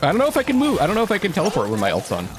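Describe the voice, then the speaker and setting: A man chatting excitably while playing a co-op video game, over game music. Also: high-pitched, very fast, a little hiss or hum. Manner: excitable, yelps and laughs. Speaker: co-op game commentator. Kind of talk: casual let's-play chat.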